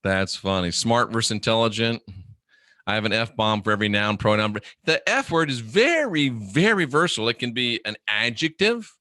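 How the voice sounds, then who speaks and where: A man's voice: medium pitch, very animated, moderate pace, sharp tone, dry recording, clean studio sound. A middle-aged man hosting a livestream, reading viewer comments aloud in a blunt, profane, joking way. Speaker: livestream host reading chat. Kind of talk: casual live chat.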